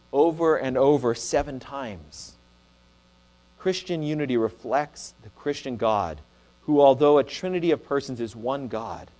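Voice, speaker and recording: A man preaching a sermon in an earnest, measured way, sometimes restarting a phrase. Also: mid-range voice, darkish tone. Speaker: pastor.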